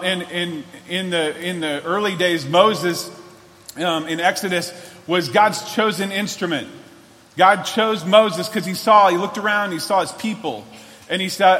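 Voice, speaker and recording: A male pastor preaches in a high, bright voice and keeps his talk earnest and conversational, restarting his sentences often. His voice rings out with the long reverb of a large church hall. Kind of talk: sermon.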